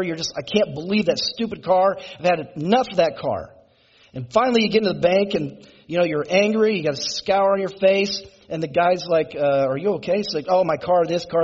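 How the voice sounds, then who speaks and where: A man's voice: high voice, husky. A male pastor giving a conversational sermon to his congregation, asking them to respond and building to emphatic passages. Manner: builds to raised, emphatic delivery. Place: church sanctuary. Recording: muffled, lo-fi sermon recording.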